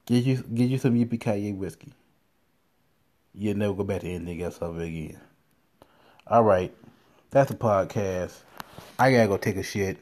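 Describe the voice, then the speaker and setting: Young guy rambling crude stories from his car, warm low-key tone, swears a ton. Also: moderate pace, long pauses. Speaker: podcast host. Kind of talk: casual profane storytelling.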